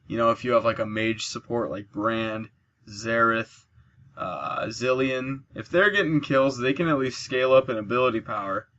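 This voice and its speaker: A man's voice: mid-range voice, normal speed. Guy doing let's play commentary, explains stuff, hypes his kills, a bit muffled lo-fi sound. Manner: chatty, explains mechanics, excited bursts at kills. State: sleepy, yawning. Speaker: gameplay commentator.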